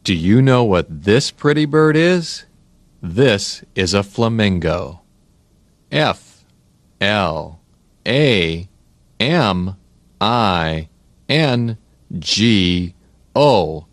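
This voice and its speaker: A man's voice: lowish voice, animated, drawn-out words, long pauses, dry recording. A middle-aged man reading a children's read-along book, spelling words letter by letter and making playful animal sounds.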